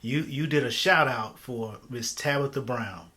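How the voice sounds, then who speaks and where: A man's voice: medium pitch, measured pace, pushed and bright. A man hosting an interview, asking questions casually with stammers and many fillers. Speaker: interview host.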